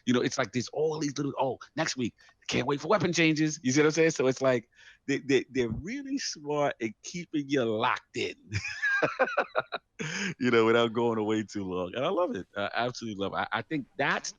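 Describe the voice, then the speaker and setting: A man's voice: mid-range voice, big pitch swings, normal speed, fairly bright tone, dry recording. A man co-hosting a gaming podcast in casual chat, enthusiastic and rhythmic, stacking repeated punchy phrases. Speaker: podcast co-host. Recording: dull, lo-fi sound.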